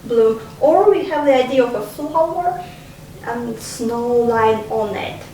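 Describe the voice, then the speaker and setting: A woman's voice: on the high side, expressive, takes it slowly, mellow. A woman leading a casual discussion of a poem, thoughtful and prompting with questions. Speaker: discussion leader. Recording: echoey room, distant mic, faint noise.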